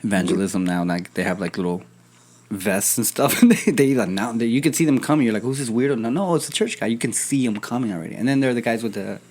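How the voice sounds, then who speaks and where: A young man hosting a casual podcast chat, telling lively stories and swearing casually. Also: mid-range voice, quick pace. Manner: animated storyteller, acts out quoted voices, swears casually. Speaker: podcast host.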